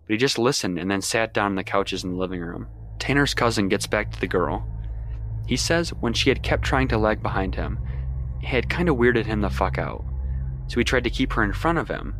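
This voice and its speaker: A man's voice: on the low side, fairly bright tone. A young man narrating a first-person horror story in a casual, heavily profane way.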